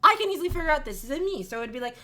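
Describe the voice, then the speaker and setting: Bright, high-voiced woman ranting. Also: big pitch swings, racing. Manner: exasperated, emphatic, laughing at herself. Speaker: music rant vlogger. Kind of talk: comedic rant to camera.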